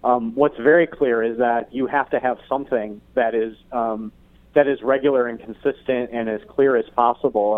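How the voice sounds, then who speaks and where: A man guesting on a radio show, explaining things in a measured way with many fillers, heard over a phone line. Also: medium pitch, no room sound. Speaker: guest expert. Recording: tinny phone line, dry.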